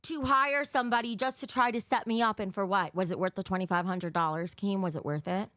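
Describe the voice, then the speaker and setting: A woman's voice: medium pitch, a little fast, fairly bright tone, no room sound, studio quality. A young woman streaming live, talking bluntly and cursing as she reads out viewer donations, a little out of breath. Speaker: livestreamer. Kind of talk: casual livestream chat.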